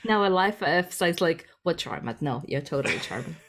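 A woman's voice: fairly low pitch, animated, a little fast. A woman who organizes improv jams, chatting as a podcast guest over a video call in a rambling, self-deprecating way with many restarts. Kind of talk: conversational interview.

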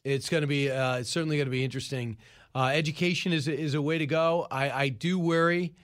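A man's voice: a little high, fairly even intonation, brisk. A man hosting a talk show, talking casually with frequent restarts.

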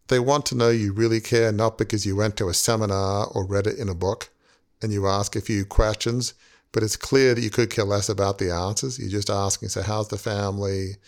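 A man in his sixties hosting a podcast, talking in an earnest, rambling way with many "you knows". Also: lowish voice. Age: 60s. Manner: earnest, rambling, heavy use of "you know". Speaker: podcast host. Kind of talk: reflective podcast conversation.

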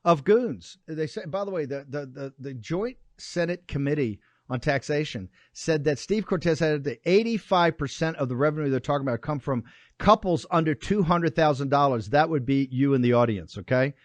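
A man's voice: a little high, animated, moderate pace, no echo. A man hosting a political show, ranting and mocking in combative commentary. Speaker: show host.

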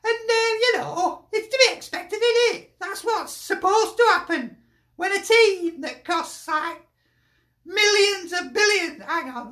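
A woman's voice: extremely high pitch, fairly bright tone, reverberant. A woman with a Lancashire accent, a football fan sending in a chatty, jokey video message and laughing often.

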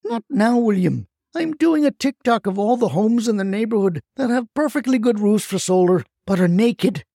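A man's voice: animated, normal speed, vocal fry, few pauses, warm tone, no echo, clean studio sound, full character voice. A man voicing a feisty, impatient retired grandmother who scolds and rants indignantly. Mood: scolding. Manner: indignant, scolding, high-pitched outbursts.

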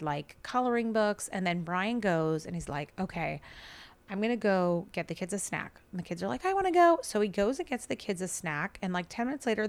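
A woman podcast host casually telling a family story, chatty and animated, acting out quoted dialogue. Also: lowish voice.

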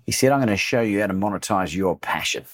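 As a guest on a podcast interview, an Australian coach with a lowish voice and quick pace relates a personal story. He's lively in the telling and acts out the quoted dialogue of others.

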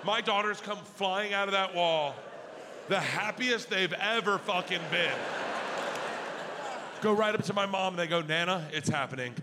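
A man doing animated stand-up storytelling on a large theater stage, building to loud punchlines. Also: high voice, a little slow, pauses often. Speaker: stand-up comedian. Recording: reverberant live theater, audience noise.

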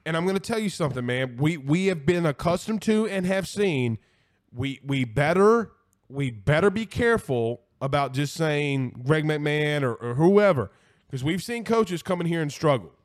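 A man hosting a casual college football live stream, reading viewer comments and giving blunt, animated opinions, often repeating himself for emphasis. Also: fairly high pitch, moderate pace. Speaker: host of a college football show.

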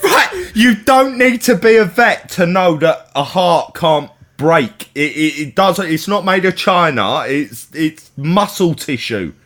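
A man's voice: high voice, animated, slow, few pauses, fairly bright tone, a little hiss or hum. A man with a London accent, co-hosting a podcast in playful, incredulous banter. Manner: playful, incredulous, acts out quotes. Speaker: podcast co-host. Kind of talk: casual banter.

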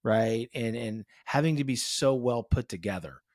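A man hosting a podcast in casual interview chat, animated and peppering his talk with "right?" and "you know". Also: medium pitch, moderate pace, no echo, clean studio sound. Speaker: podcast host.

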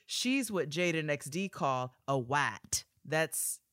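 A man co-hosting a podcast in casual chat, animated and joking as he reads a listener's letter aloud. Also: a little high, takes it slowly, smooth, no room sound, studio quality. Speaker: podcast co-host.

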